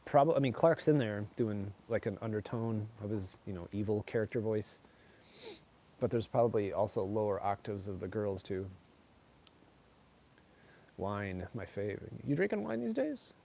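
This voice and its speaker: A man's voice: on the low side, steady tone, measured pace, pauses often, dark tone. A middle-aged man chatting casually with viewers, rambling and filling his talk with "like" and "you know.". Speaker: streamer answering chat. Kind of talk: casual chat.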